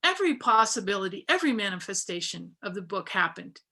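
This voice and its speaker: A woman's voice: medium pitch, very animated, fast talker, bright, forceful tone. A woman, a book artist, talking reflectively in a panel over a video call, with many fillers and restarts. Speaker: book artist giving a talk.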